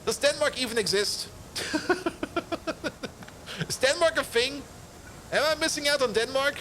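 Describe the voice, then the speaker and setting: A man's voice: very high-pitched, measured pace, pauses often, pushed and bright, a little hiss or hum. A young man streaming a game, chatting casually, joking, rambling and laughing often. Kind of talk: casual live-stream chat.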